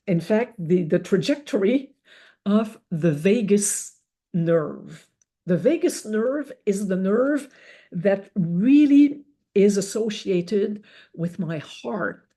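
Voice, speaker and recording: A woman giving an educational webinar talk, explaining step by step in a measured way. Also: mid-range voice, dark tone. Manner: slow, measured explaining with rhetorical examples. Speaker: webinar speaker.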